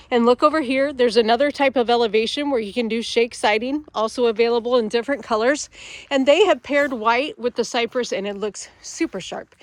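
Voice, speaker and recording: A woman hosting a casual home tour vlog as a salesperson, upbeat, chatty and enthusiastic, a little congested from a cold. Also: on the high side. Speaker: manufactured home salesperson and channel host.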